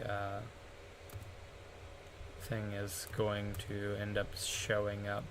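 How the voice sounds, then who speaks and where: A man's voice: fairly low pitch, completely flat delivery, very slow, long pauses, noisy background. A man streaming alone, rambling playfully to himself and making silly noises while he works. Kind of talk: casual solo stream chatter.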